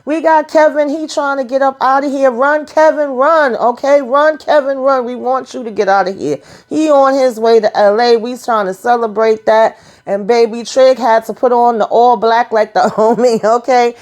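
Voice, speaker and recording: A woman giving a casual, sassy recap of a TV episode, talking straight to her viewers in animated, colloquial speech. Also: a little high, moderate pace. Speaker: TV recap vlogger.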